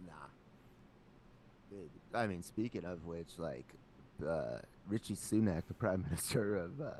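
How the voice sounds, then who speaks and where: A man's voice: low voice, expressive, measured pace, darkish tone, slight background noise. A man co-hosting a casual podcast, rambling loosely and filling his speech with "like". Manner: rambling, heavy use of "like". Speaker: podcast co-host.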